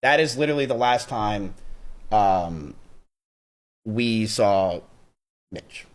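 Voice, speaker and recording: A man's voice: fairly low pitch, lively intonation, slow. A young man streamer telling a story in casual chat, blunt and profane, acting out heated quoted lines as he goes.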